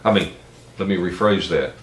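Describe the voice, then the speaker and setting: A man's voice: deep voice, normal speed, a little hiss or hum. A middle-aged man with a Southern American accent, telling a rambling, blunt, folksy anecdote. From Tennessee. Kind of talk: casual spoken anecdote. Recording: roomy, distant mic, faint ambience.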